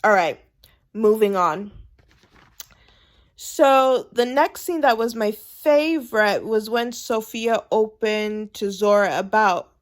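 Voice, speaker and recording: A woman chatting casually through a TV episode recap, animated and emphatic, repeating her points for effect. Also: mid-range voice. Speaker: TV show recap vlogger.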